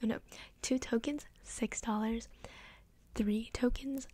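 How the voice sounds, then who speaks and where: A young woman with a breathy, half-whispered voice, rambling chattily through a soft-spoken ASMR story with lots of "like". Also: a little high, steady tone, takes it slowly, no room sound. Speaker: ASMR creator.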